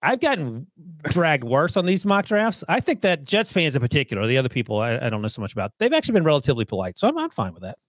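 A man's voice: on the high side, huge pitch swings, fast talker, few pauses, no echo, clean studio sound. A man who analyzes the football draft, talking confidently and opinionated in a casual podcast chat. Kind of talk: casual sports talk.

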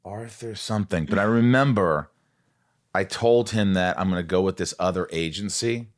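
A man's voice: low voice, moderate pace. A man hosting a podcast interview, chatting casually, swearing freely and acting out quoted voices. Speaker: podcast host.

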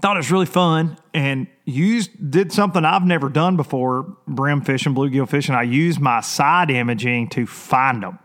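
A man hosting a fishing show, talking casually and excitably with lots of restarts and teasing jokes. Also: medium pitch. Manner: rambling and excitable, many restarts. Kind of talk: casual vlog opening talk.

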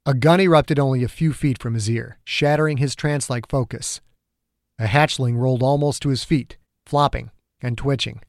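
A man narrating his own serialized thriller in a dramatic, measured way. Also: medium pitch, no room sound, studio quality. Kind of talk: scripted audiobook narration.

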